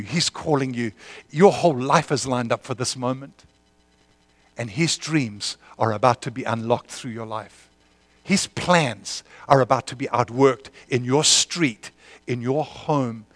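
A man preaching a sermon, moving between impassioned prayer and a quiet, earnest appeal to the congregation. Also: medium pitch, dry recording. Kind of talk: sermon with prayer and altar call.

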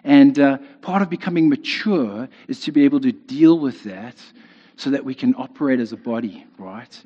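This man preaches a sermon conversationally, with a medium-pitched, expressive voice, a moderate pace and a breathy edge, often checking in with "right?" The recording is dull and lo-fi, with long reverb from a hall.

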